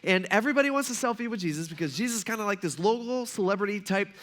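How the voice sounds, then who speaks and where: A man's voice: sits high, racing, a bit bright. A male pastor giving a casual, storytelling sermon and acting out the people in it. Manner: casual storytelling, acts out quoted voices.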